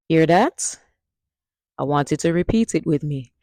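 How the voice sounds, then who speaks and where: A woman with a Jamaican accent giving a playful vlog language lesson, drawing words out slowly like a teacher. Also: sits low, no echo. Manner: slow, drawn-out teacherly delivery with lively phrases.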